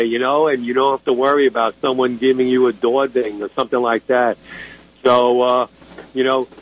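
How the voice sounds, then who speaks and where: A man's voice: mid-range voice, dull audio. A man from Brooklyn, co-hosting a radio car show in a blunt, opinionated, joking way. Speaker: co-host. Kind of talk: casual radio chat.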